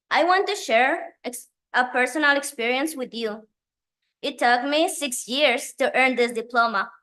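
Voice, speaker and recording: Nervous and emotional, a woman who speaks Spanish as her first language reads her graduation speech with pauses. Her voice sits high and has a sharp tone.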